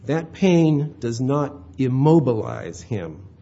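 A man's voice: medium pitch, big pitch swings, slow pace, dark tone, highs cut off, a little hiss or hum. A male pastor preaching a sermon in a conversational way, often checking in with his listeners. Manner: conversational, checks in with "all right?".

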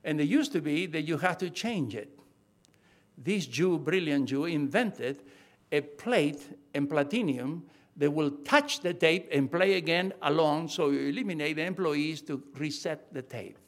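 A man's voice: fairly high pitch, unhurried. An older man preaching a sermon, talking emphatically, repeating key phrases and often restarting his sentences.

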